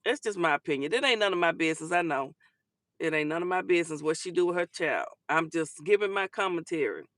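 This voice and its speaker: A woman's voice: on the low side, animated, quick pace, fairly bright tone, no echo, clean studio sound. A woman hosting a casual talk show, chatting and giving sassy commentary on viral clips, calling listeners honey and baby.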